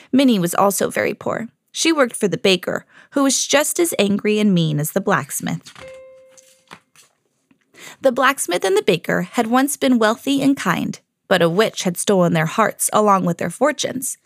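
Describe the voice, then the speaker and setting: A woman hosting a children's podcast, reading a storybook aloud in an expressive storytelling manner. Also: medium pitch, no room sound, clean studio sound.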